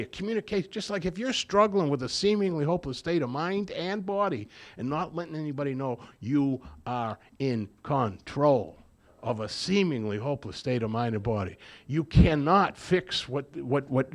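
A man speaking at a recovery meeting, telling his story to the group and acting out the voices in remembered conversations. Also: on the high side. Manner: storytelling that acts out both sides of remembered dialogue. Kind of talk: personal recovery talk to a group.

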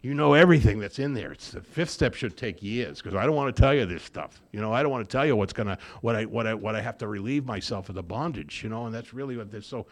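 A man's voice: fairly low pitch, lively intonation, fast, hardly any pauses. A man giving a personal testimony at a recovery meeting, plain-spoken, repeating phrases for emphasis and acting out what others said. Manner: storytelling with acted-out quotes.

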